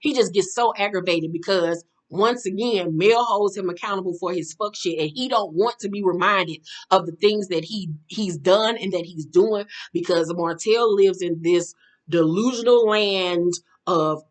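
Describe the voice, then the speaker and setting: A woman's voice: mid-range voice, unhurried. A woman hosting a casual reality TV recap, blunt and profane, laughing and acting out the people she quotes. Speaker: reality show recap host.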